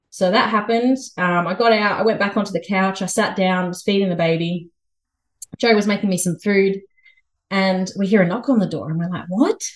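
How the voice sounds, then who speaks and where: A woman in her thirties with an Australian accent, a podcast guest telling a story in a lively, chatty way and laughing often. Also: fairly low pitch. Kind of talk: casual storytelling interview.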